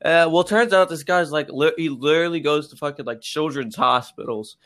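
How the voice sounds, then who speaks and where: A man's voice: fairly high pitch, a little fast, very noisy. A young man chatting casually as a podcast co-host, telling rambling, swear-laden stories and slipping into silly voices for the people in them. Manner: rambling storyteller, puts on voices in his anecdotes, swears freely. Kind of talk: casual chat.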